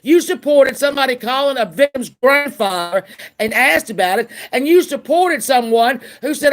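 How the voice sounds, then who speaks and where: A woman's voice: sits high, expressive, normal speed. A woman ranting on a livestream in an angry, profane, confrontational way, repeating lines for emphasis. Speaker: YouTuber. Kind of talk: livestream rant.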